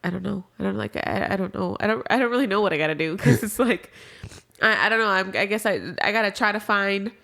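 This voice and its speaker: A woman's voice: mid-range voice, quick pace, creaky, a bit bright. A young adult woman as a podcast guest, talking candidly and casually about grief, swearing freely and trailing off into restarts.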